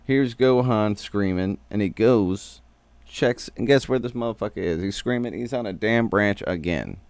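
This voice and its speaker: A man with a deep, low voice talks loosely through an episode recap, swearing and riffing as he goes. The sound is close and dry, with almost no room around it. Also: normal speed, darkish tone, smooth, no echo. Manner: slangy, profane, rambling. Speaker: streamer.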